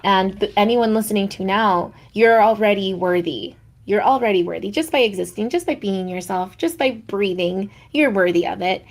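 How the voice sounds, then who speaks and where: A woman co-hosting a podcast, sharing personal stories in a warm, reflective way. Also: medium pitch, normal speed, hardly any pauses. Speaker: podcast co-host. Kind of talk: heartfelt podcast conversation.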